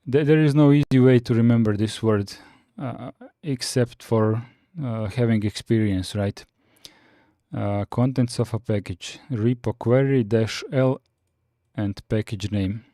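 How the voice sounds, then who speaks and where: A man with a warm, mellow voice teaches on a live stream, working through his notes in a steady, explanatory way. He answers viewer chat between points and fills pauses with "uh". The sound is dry and close, recorded at a desk mic. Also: mid-range voice, no room sound. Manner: steady and explanatory, with frequent "uh" fillers. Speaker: Linux course host.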